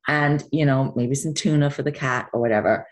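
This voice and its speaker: A woman's voice: extremely low pitch, brisk. A woman answering interview questions in a rambling, easygoing way, with lots of fillers and laughter. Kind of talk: casual interview chat.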